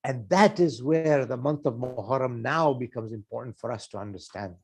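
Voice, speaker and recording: A man's voice: medium pitch, moderate pace, slightly rough. A man preaching a sermon, earnest and full of rhetorical questions, acting out everyday conversations.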